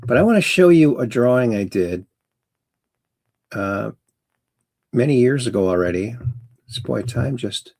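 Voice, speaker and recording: A man's voice: mid-range voice, gravelly, a little mellow, no echo. A man hosting a casual call-in livestream, chatty and rambling as he reads viewer messages aloud. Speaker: host.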